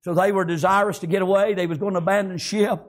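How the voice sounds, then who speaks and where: A man preaching in a fervent drawl, his voice sitting unusually high. He strings his sentences together with constant amens and praise Gods. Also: fairly even intonation, fast talker. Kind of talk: sermon.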